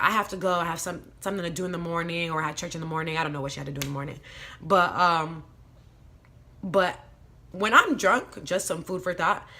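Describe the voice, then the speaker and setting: Candid young woman with a bright voice. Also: fairly low pitch. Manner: candid, blunt, swears, frequent fillers. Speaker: vlogger telling a personal story. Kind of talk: casual storytime monologue.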